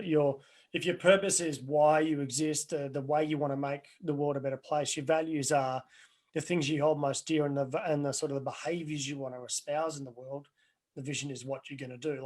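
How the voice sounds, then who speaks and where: A man's voice: a little high, a little mellow. A middle-aged man, a life coach answering webinar questions in an earnest, rambling way, restarting sentences and telling anecdotes.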